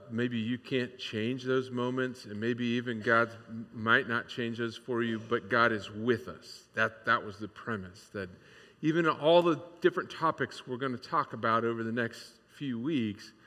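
A man in a church sanctuary preaching a sermon, candid and conversational, pausing on fillers and restarting his sentences. His voice is bright and forward, and a long reverb trails behind it. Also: mid-range voice. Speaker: pastor.

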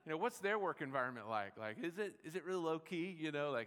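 A man's voice: a little high, very animated, quick pace, hardly any pauses, fairly bright tone, clean tone. A man giving a sermon as pastor, in a conversational, easygoing way with restarts and joking asides. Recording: long hall reverb.

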